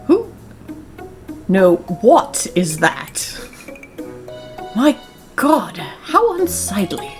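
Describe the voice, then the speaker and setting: A woman's voice: medium pitch, huge pitch swings, extremely slow, long pauses, soft background music, full character voice. A woman voicing a snobby, jealous rich young man who talks down to people in a condescending, haughty manner. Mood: disdainful.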